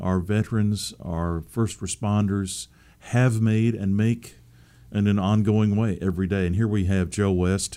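A man in his sixties, from the Seattle area, hosting a radio talk show and interviewing a guest, often pausing with "uh.". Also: low-pitched, dark tone. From Seattle area, USA. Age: 60s. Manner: halting, many uh fillers.

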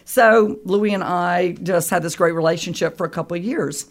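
A woman's voice: fairly low pitch, moderate pace. A woman guest on a radio show telling a personal story with feeling, acting out the voices of the people in it. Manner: animated, acts out quoted voices.

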